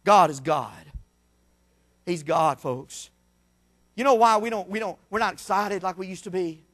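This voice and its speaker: High, bright preacher, shouting then hushed. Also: male voice, measured pace. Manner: swings from shouting to hushed, folksy storytelling. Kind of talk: sermon. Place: church sanctuary.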